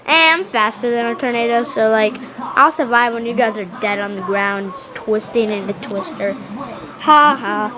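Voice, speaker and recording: A woman's voice: fairly high pitch, a little slow, noisy background, voice pushed down, natural voice. A woman voicing a cocky, speedy male hedgehog toy character in a homemade comedy video, with a smug, taunting manner.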